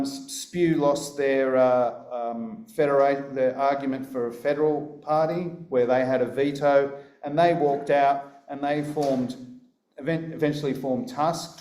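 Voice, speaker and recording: Mellow-voiced Australian man in a roomy hall. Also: medium pitch. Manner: wry, anecdotal, hesitant with many fillers. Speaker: speaker at a political conference. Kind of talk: live conference talk.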